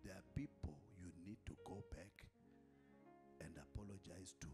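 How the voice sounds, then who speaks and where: A man's voice: deep voice, unhurried, over music. A man preaching a sermon as an apostle, calling out to the congregation and repeating lines for effect. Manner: emphatic, calls out to the congregation, repeats lines for effect, at times shouting.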